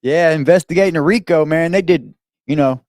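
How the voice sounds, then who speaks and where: Loud, profane male reaction streamer. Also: a little high, fairly quick, no room sound, clean studio sound. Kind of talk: live reaction commentary.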